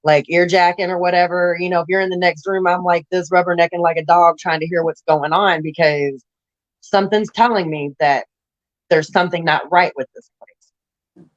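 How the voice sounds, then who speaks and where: A woman's voice: on the low side, steady tone, moderate pace, lo-fi sound. A woman telling her life story in a casual interview, blunt and raw, rambling with restarts.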